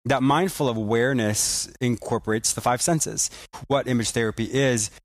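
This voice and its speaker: A man's voice: mid-range voice, normal speed, no echo. A man hosting a conversation, thinking aloud through his points with frequent restarts. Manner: reflective, explains in searching restarts. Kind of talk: conversational interview.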